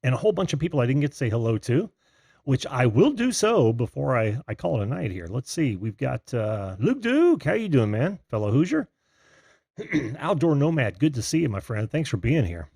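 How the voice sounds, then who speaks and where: A man with a gravelly, husky voice hosts a live video call-in show. His pitch moves a lot as he chats, full of fillers and friendly shout-outs. The sound is dry and close over a video call. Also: big pitch swings, normal speed, no room sound. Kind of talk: casual live-stream chat.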